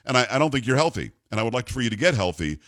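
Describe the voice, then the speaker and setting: Older male radio host, blunt and combative, jokey, very animated delivery. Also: mid-range voice, very fast. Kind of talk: opinionated talk radio rant.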